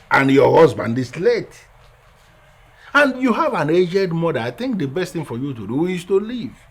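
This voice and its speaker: A stern Nigerian drama father, who lectures and scolds with a lively, rising and falling voice. His Nigerian accent is plain and his manner is firm. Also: on the high side, slightly rough.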